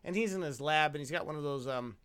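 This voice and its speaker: A man's voice: on the high side, fast talker, a bit bright, smooth. A tipsy man co-hosting a casual movie review podcast, rambling, swearing and sarcastic. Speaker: podcast co-host.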